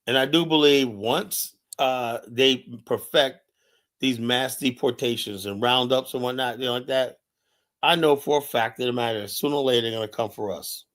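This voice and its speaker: With a mid-range, fairly bright voice at a moderate pace, a man from the United States delivers emphatic live-stream commentary. He sounds urgent and unscripted, returning to the same points again and again and leaning heavily on "you know" and "right?"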